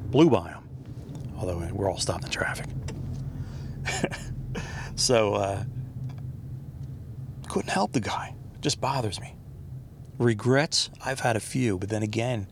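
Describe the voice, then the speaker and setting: Middle-aged male host, chatty and wandering, mid pitch, recorded in a moving car with road noise. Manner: chatty, wandering, laughs at himself. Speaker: podcast host. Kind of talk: casual rambling monologue. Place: inside a car while driving in traffic.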